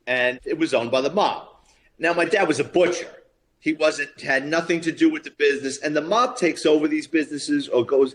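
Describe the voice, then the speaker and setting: A man's voice: a little high, slight background noise. A man in his fifties, a retired police officer, telling stories as a podcast guest and acting out the voices of the people in them. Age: 50s. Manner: lively storyteller acting out quoted voices, chuckling as he talks. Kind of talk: anecdotal storytelling.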